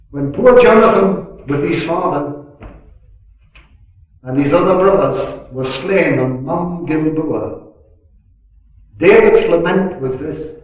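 A man giving a sermon at a gospel meeting, earnest and unhurried, swelling on key words and dropping in chatty asides. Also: on the high side. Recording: echoey room, distant mic, dull lo-fi.

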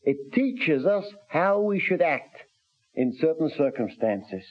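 An earnest man preaches a measured sermon, reading scripture in old-fashioned wording. His voice sits a little high. The sound is dull and lo-fi, like an old radio broadcast. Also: big pitch swings.

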